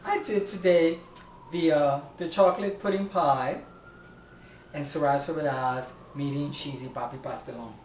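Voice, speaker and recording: A man's voice: a little high, normal speed, reverberant, slight background noise, lightly acted. A man voicing a flamboyant drag diva who hosts a home cooking show, theatrical and gushing, calling everyone honey and darling. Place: home kitchen.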